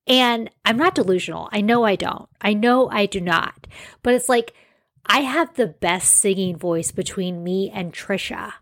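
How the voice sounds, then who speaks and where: A woman in her forties hosting a casual solo podcast, chatty and self-deprecating, wandering into rambling side notes. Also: mid-range voice. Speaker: podcast host.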